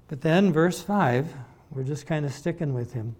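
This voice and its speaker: A man preaching a sermon, emphatic and deliberate, repeating words as he builds his points. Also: on the high side, a little mellow.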